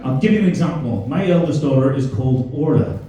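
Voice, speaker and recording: Belfast comedian guy, sweary crowd banter, mellow voice, super echoey and kinda far off. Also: medium pitch, animated, fast talker, muffled recording. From Northern Ireland. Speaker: stand-up comedian. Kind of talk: stand-up comedy set. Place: comedy club stage before a live audience. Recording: very echoey room, voice from a distance.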